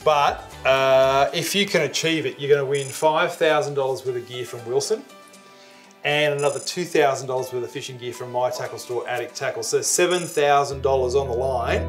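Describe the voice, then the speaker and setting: A man's voice: mid-range voice, normal speed. A man with an Australian accent hosting a fishing show, chatting casually, teasing and laughing a lot. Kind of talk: casual chat. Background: music.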